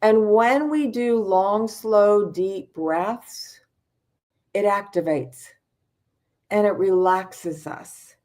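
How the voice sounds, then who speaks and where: A middle-aged woman teaching mindfulness over a video call. She speaks slowly and calmly, and her voice sits at an average pitch. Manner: unhurried, calm instructive tone. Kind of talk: mindfulness talk with guided breathing.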